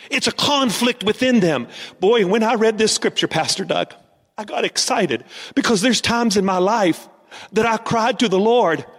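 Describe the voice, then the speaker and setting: A male pastor preaching a sermon, repeating key lines and calling on the congregation to shout back, sometimes singing a phrase. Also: high-pitched. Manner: preaching, call-and-response with congregation. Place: church. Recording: long reverb of a church hall.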